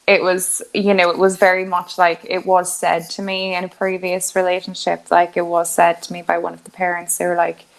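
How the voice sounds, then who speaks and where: A woman in her 20s co-hosts a podcast, telling a story in casual chat, acting out the lines of the people in it and laughing often. Her voice is on the low side and creaky, delivered completely flat, brisk, with hardly any pauses.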